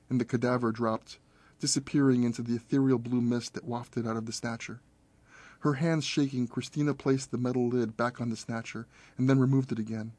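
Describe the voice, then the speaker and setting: A man's voice: medium pitch, no room sound. Man narrating a story, dry sound. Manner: steady, measured storytelling. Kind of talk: scripted audiobook narration.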